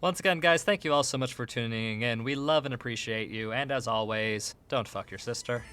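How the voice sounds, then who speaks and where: A man's voice: medium pitch, a little fast, pushed and bright. A man co-hosting a casual comedy podcast, bantering and laughing at himself. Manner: laughing, self-mocking banter. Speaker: podcast co-host.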